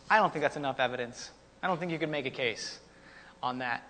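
A man preaching a conversational, animated sermon as pastor. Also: medium pitch, brisk, slight background noise. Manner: conversational, animated, folksy teaching with asides. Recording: long hall reverb.

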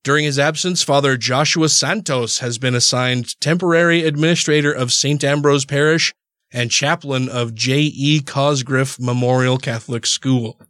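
A man's voice: medium pitch, steady tone, normal speed, a bit bright, no echo. A man hosting a podcast, chatting casually, laughing often and swearing freely. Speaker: podcast host.

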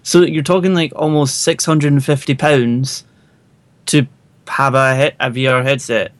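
A man's voice: medium pitch, level tone, unhurried, dry recording. A man with a British accent co-hosting a casual online chat, easygoing and wry. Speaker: podcast co-host.

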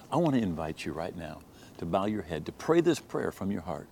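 A male pastor calmly addressing viewers, inviting them to pray along. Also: sits low, normal speed, gravelly, slight background noise. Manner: calm, direct address to the camera. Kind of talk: closing prayer invitation to viewers.

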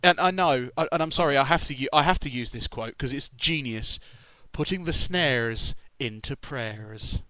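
A man's voice: on the high side, quick pace, few pauses, sharp tone, no echo, poor audio. Chatty British-TV-talking podcast man, dry mic. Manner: chatty, rambling, self-correcting. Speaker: podcast co-host. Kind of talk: casual chat.

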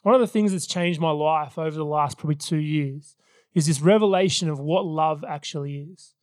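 A man's voice: a little high, normal speed, a little mellow, dry recording, studio quality. A man in his thirties preaching a sermon as pastor, telling personal stories in an earnest way. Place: church service.

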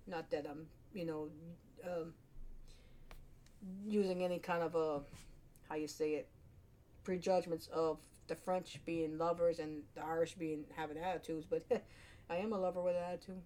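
A woman with a somewhat low-pitched voice chats to her camera at home. Her talk wanders playfully from thought to thought, and she laughs easily as she goes. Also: fairly even intonation, moderate pace, warm tone. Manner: rambling and playful, laughs often. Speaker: vlogger. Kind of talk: casual self-recorded monologue.

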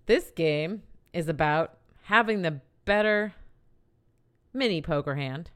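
Low-voiced, dry-witted woman co-host. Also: expressive, slow pace, a bit bright, clean tone, dry recording. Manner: dry, teasing wit. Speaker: podcast co-host. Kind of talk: casual chat about board games.

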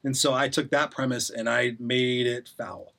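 A life coach appears as a podcast guest in casual conversation, telling a long story bluntly and sarcastically, fast and rambling with many restarts. His voice is medium-pitched and creaky with a sharp tone and little pitch movement.

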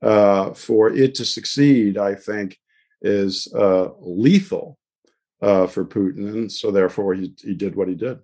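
Low-voiced, halting male panelist. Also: dark tone. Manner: halting, hesitant, with many uh fillers. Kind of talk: policy panel discussion.

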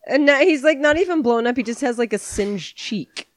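A woman's voice: high-pitched, animated, moderate pace, dry recording. A woman co-hosting a podcast, giving a sarcastic, profanity-laced play-by-play of a movie in casual chat. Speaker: podcast co-host.

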